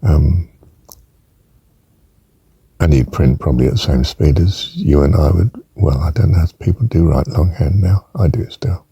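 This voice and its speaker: A man's voice: very deep voice, normal speed, gravelly, pauses often, warm tone, slightly rough, no room sound. An older man giving an informal spelling lesson, rambling and musing aloud, drawing out words as he says them and adding chuckling asides. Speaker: teacher.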